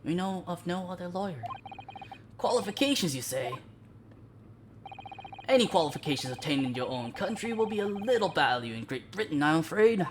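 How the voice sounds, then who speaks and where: A woman doing a theatrical posh British gentleman detective. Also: lowish voice, big pitch swings, normal speed, long pauses, noisy background, voice pushed up. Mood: grandiose. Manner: theatrical, grandly playful. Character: flamboyant eccentric British male detective. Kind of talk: live game dialogue reading. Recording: voice over loud game music.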